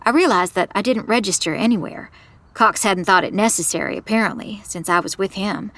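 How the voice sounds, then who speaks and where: A woman giving first-person scripted narration of an audio drama in a measured storytelling manner. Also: medium pitch, a bit bright, no echo.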